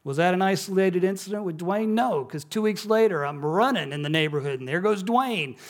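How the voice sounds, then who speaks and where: A man in middle age delivers a sermon as a pastor, his voice sitting a little high for a man. He moves between easy, chatty storytelling and quiet, lowered emphasis on key words. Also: animated, a little fast. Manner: storytelling, conversational, drops soft and low on key words.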